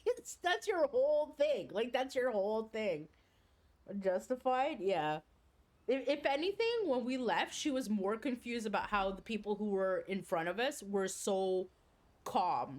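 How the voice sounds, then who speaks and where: A woman streaming a game, casually telling a long story with lots of swearing and laughter. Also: medium pitch. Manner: animated, swears freely, laughs while telling. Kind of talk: casual storytelling during a livestream.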